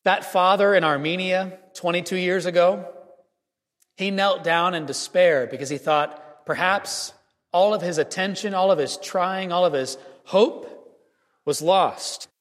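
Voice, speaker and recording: A man giving a Christmas homily as a priest, telling a story earnestly with measured pauses in a church. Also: high voice, fairly bright tone. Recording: reverberant church hall.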